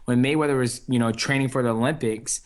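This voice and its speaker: A man's voice: medium pitch, fairly even intonation, quick pace. A young adult man answering interview questions in an easygoing way, with many fillers and restarts. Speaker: interview guest, fighter. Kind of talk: casual phone interview.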